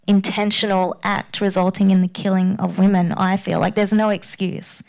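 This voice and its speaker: A woman's voice: mid-range voice, flat delivery, moderate pace, gravelly, a little mellow. A woman on a discussion panel, speaking earnestly and thinking aloud, with frequent restarts. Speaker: panel guest.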